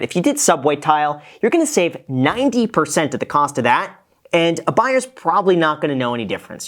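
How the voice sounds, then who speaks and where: A man's voice: on the high side, a bit bright. A man hosting a casual reaction show, a former real estate agent who gives frank, cost-minded critiques of a home tour.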